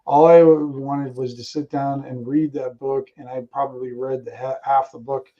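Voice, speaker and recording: A man co-hosting a live stream, remembering things aloud in a halting, reflective way. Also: medium pitch, level tone, dark tone, highs cut off. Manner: halting, reflective, many restarts. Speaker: co-host. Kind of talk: casual live-stream chat.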